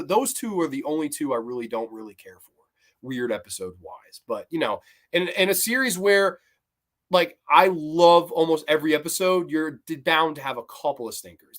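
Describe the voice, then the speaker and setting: A man's voice: on the high side, a bit bright. A man hosting a casual show where he ranks cartoon episodes, talking in a rambling, enthusiastic way and quoting scenes. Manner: rambling, enthusiastic, quotes scenes in loose voices. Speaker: host of a cartoon review show. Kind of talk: casual episode ranking commentary.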